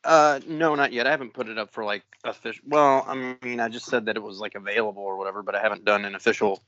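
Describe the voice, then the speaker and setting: A man's voice: on the low side, fairly even intonation, fast, few pauses, fairly bright tone. A man co-hosting a podcast, joking around in casual chat. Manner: joking, laughs easily. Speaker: podcast co-host. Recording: dull lo-fi sound.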